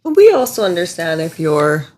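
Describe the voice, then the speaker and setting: A woman's voice: on the low side, wildly swooping pitch, normal speed, darkish tone. A woman co-hosting a podcast in casual chat, a supportive listener who often murmurs agreement. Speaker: podcast co-host.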